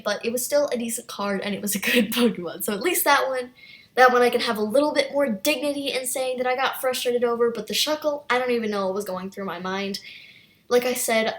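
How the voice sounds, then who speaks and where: Animated young woman telling a storytime. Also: on the high side. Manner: animated, self-mocking, laughs often. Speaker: YouTuber. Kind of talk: casual storytime.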